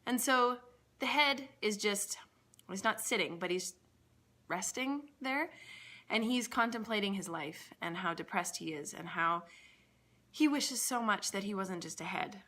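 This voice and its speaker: Bright-voiced, animated woman coach. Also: mid-range voice, a little slow. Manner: animated, laughing at her own jokes. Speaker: entrepreneur mindset coach. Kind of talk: casual motivational vlog.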